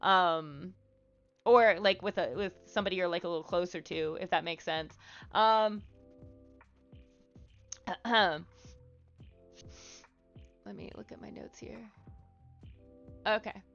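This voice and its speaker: Bright, clear-voiced woman streamer rambling. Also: on the low side, slow pace, long pauses. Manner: loose, rambling, full of "like" and "um"; candid, frank, swears casually. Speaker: livestream host giving social advice. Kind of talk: casual advice talk on a livestream. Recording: slightly muffled stream audio with faint music.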